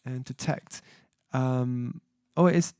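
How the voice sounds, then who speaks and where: A man's voice: medium pitch, slow pace, a little mellow, clear, resonant tone, dry recording, studio quality. A man hosting his own music livestream, chatting casually and reading viewer comments aloud, hesitant with many fillers as he sounds out foreign words. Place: at home, indoors.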